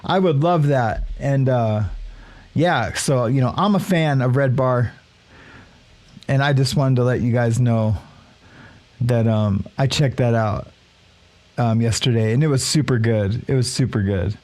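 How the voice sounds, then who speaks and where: A man's voice: medium pitch, measured pace, pauses often, darkish tone. A man hosting a casual morning live stream, rambling with lots of fillers and restarts as he greets viewers by name. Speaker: livestream show host.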